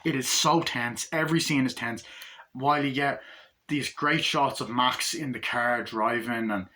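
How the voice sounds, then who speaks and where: A man giving a casual movie review, animated, acting out scenes with heavy swearing. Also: mid-range voice, unhurried, slight background noise.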